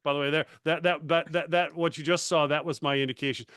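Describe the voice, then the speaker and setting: A man and coach talking casually on a panel, animated and self-deprecating, often restarting his sentences. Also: fairly high pitch, fast, clean tone, no room sound, studio quality. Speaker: master certified coach.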